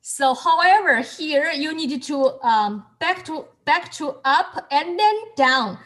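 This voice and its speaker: A woman with as her teaches tones over a video call. She speaks slowly and a little high, stopping and repeating words as she goes. She laughs often between explanations. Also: expressive, fairly bright tone. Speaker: Mandarin tone teacher. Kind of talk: online class instruction.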